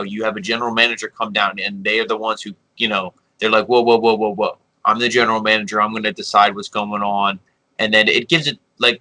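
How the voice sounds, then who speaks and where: A man chatting casually in a wrestling review podcast, rambling and animated, often acting out what was said on the show. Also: fairly low pitch, low-quality recording. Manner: rambling, animated, acts out quoted lines.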